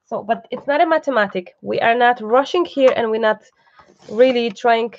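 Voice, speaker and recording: A woman's voice: fairly high pitch, normal speed, no room sound, highs cut off. A woman hosting a live online craft class, chatty and reassuring, breaking off for asides to the person behind the camera. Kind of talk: live craft tutorial, casual chat.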